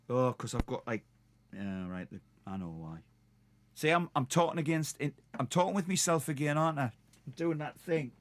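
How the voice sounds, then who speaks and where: Speaking with a Geordie accent from North East England, a man rambles and pokes fun at himself while chatting casually with viewers on his live stream. His voice sits at medium pitch and sounds a bit bright.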